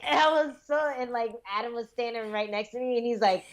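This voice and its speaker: A woman co-hosting a casual podcast, telling stories in a giggly, animated way. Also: on the high side, fairly quick, hardly any pauses, lo-fi sound. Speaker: co-host, fighter. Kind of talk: casual chat, storytelling.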